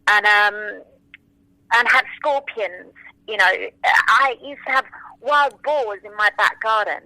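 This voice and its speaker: A woman in her forties, a French native speaker, is an interview guest sharing memories with lively enthusiasm. She often slips into little acted-out quotes. Her voice is bright and crisp, recorded close and dry with no room sound. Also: medium pitch, slow pace, dry recording, rough recording. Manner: animated, enthusiastic, acts out quotes. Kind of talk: casual interview storytelling.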